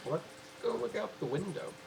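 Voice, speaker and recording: A man playing in a tabletop game, talking casually and haltingly with restarts. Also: high voice, sing-song, gravelly. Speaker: player. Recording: noisy background.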